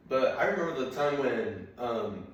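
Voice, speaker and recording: A man's voice: medium pitch, expressive, moderate pace, slight background noise. Young man telling a profane story in an echoey room. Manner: rambling, profane, acts out his dad and dog. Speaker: stand-up comedian. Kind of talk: stand-up comedy storytelling. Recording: very echoey room, mic at a distance.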